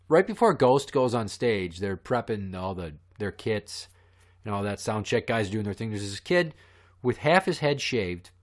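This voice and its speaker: A man hosting a podcast who tells stories in a profane, heated, ranting way. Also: lowish voice. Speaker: podcast host. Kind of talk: ranting storytelling.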